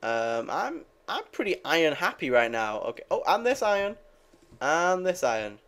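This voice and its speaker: A man's voice: fairly high pitch, big pitch swings, moderate pace, fairly bright tone. A young man giving rambling, casual commentary while playing a game, swearing freely and talking to his viewers. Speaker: gaming video creator.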